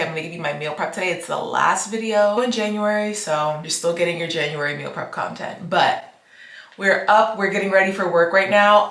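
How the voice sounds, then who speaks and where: Bright-voiced young woman vlogging in an echoey room. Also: medium pitch. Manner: chatty and expressive, venting with emphatic repetition. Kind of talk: casual chat to camera. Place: home, getting ready for the day. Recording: roomy echo.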